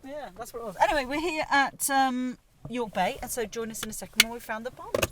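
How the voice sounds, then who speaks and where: A woman's voice: on the high side, a little fast, far from the mic, crowd noise. A woman hosting a casual chat, telling stories and laughing while driving and walking outdoors. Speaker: host.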